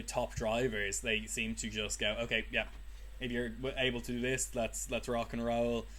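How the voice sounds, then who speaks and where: A man's voice: medium pitch, a bit bright. Rambling young man podcaster. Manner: rambling, thinking aloud with ums. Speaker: podcast co-host. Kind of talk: casual chat.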